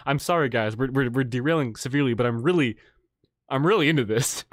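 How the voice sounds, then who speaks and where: A man hosting a livestream, reading a story aloud and breaking off to react. He gets excitable, repeating words as he goes. His voice sits mid-range on a dry, close desk mic. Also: medium pitch, a little fast, no room sound. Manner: excitable, laughing and tripping over words. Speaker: livestream host.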